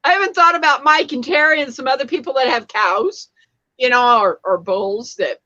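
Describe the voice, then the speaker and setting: A woman with a high, bright voice chats casually on a video call, jumping in over the others. The audio is dull and lo-fi. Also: moderate pace. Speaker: chat participant. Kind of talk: casual chat.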